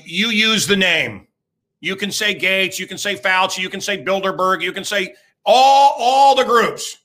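A man in his sixties hosting a talk show, his voice pitched high with a hard, piercing edge. He rants in an emphatic, rambling monologue, repeating lines for effect. The delivery is crude and at times breaks into shouting. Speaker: radio host.

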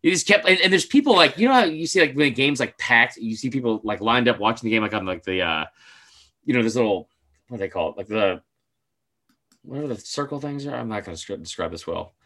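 A man's voice: mid-range voice, lively intonation, fast, pushed and bright. A man co-hosting a casual podcast, telling a story in a rambling way, with lots of filler words and casual swearing. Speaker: podcast co-host.

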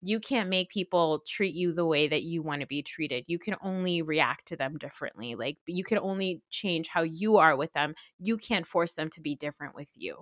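A woman's voice: low-pitched, moderate pace, few pauses, fairly bright tone, no room sound, clean studio sound. A young adult woman hosting a podcast, recapping TV in casual, sarcastic, profane chat with laughing asides. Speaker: podcast host.

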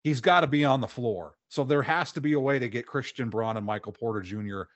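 Confident male sports co-host, halting starts, dry close sound. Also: mid-range voice, no room sound. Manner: confident, repeats words when starting. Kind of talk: casual sports radio chat.

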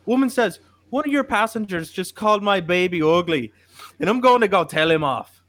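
A mocking Irish man rattles off roasting jokes in a lilting, teasing voice that jumps up high, as a man puts him on. The sound is dry and close. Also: animated, moderate pace, a bit bright, no echo.

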